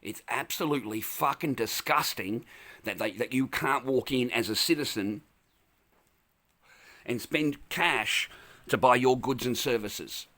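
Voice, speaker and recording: An Australian man in a parked car ranting into the camera. His voice is bright and forceful, and he swears constantly and repeats himself as he vents. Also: medium pitch, measured pace, no echo. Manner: angry, profane, repetitive ranting. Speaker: vlogger. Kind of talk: angry ranting vlog.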